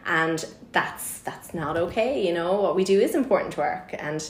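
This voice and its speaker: A woman with an Irish accent, a printmaker and tutor chatting casually as a podcast guest, animated and jumping into higher voices for quotes. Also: moderate pace. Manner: animated storyteller, jumps to high voices for quotes. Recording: echoey room.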